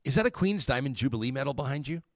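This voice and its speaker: A man hosting a talk show, commenting on news in a casual, animated and indignant way with many restarts. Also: medium pitch, rapid-fire, dry recording, studio quality.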